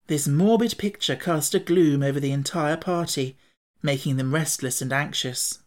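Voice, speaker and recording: Narrator: woman, lower voice, steady storybook reading. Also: moderate pace. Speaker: audiobook narrator.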